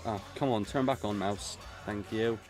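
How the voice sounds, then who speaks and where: A man's voice: on the low side, moderate pace, over music. A man from Gloucester, streaming and chatting in a sweary, rambling way. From England, Gloucester. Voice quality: sweary, rambling, laughs often. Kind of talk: casual chat while drawing.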